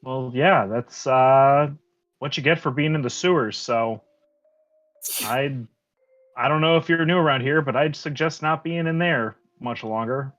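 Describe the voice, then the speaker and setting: Man playing a laid-back woman healer, slow drawl, dull lo-fi mic, game. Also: medium pitch, fairly bright tone, faint music behind, natural voice. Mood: easygoing.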